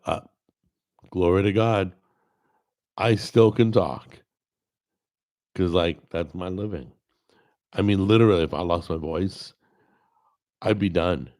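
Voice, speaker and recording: Middle-aged guy cooking show host, low raspy worn-out voice, slow easygoing rambling chat. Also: darkish tone. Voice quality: gravelly, strained voice from a paralyzed vocal cord. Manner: rambling, self-deprecating, plainspoken. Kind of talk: casual chat to camera. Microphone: desk microphone recorded over a video call.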